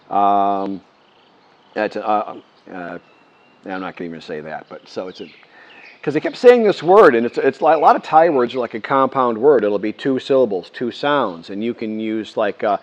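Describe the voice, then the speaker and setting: A man's voice: lowish voice, normal speed, long pauses. Older American man, casual vlog talk, restarts a lot, dull lo-fi sound. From United States. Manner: rambling, many restarts, animated quoting. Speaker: vlogger. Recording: muffled lo-fi sound.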